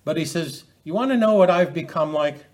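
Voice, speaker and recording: A man preaching a sermon in a fairly high voice. He stops and restarts often, repeating words, and leans harder into the scripture he quotes. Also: lively intonation, fairly quick, a little mellow.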